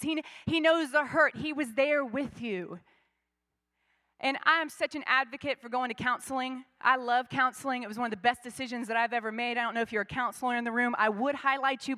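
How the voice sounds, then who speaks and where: A woman's voice: high voice, pushed and bright. A woman pastor preaching a sermon in a church, conversational at times and rising to fervent emphasis.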